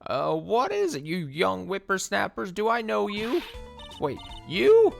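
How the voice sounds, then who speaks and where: A man's voice: high voice, huge pitch swings, a little slow, creaky, no echo, pitched above the performer's own voice, exaggerated voice. A man voicing a nosy, pushy old woman in a video game who talks nonstop and scolds people. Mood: gushing chatter. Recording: game music behind.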